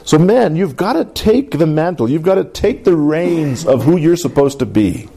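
A middle-aged pastor preaches with a lot of rise and fall in his voice, asking the room for an "amen" as he goes. His tone is mellow and warm, never sharp. Now and then he slips into playful little voices. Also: fairly high pitch, moderate pace, gravelly, breathy edge. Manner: lively, call-and-response preaching with playful voices. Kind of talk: sermon.

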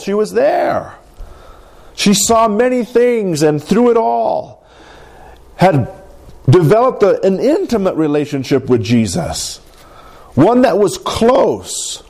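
Guy pastor preaching, slightly high voice, very lively up and down, asks the room stuff. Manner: expressive, asks the congregation questions. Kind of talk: sermon.

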